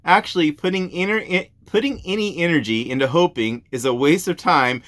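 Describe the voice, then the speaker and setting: A man's voice: on the high side, brisk, a bit bright. A man hosting a casual comic show, reading reviews aloud, often breaking into laughter and wandering onto tangents.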